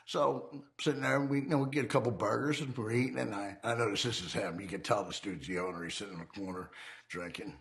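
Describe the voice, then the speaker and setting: A man's voice: lowish voice, fairly even intonation, fast, vocal fry, a bit bright. A man candidly telling his life of crime in profane, streetwise talk. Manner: profane, streetwise, acts out quoted voices. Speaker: former criminal telling his life story.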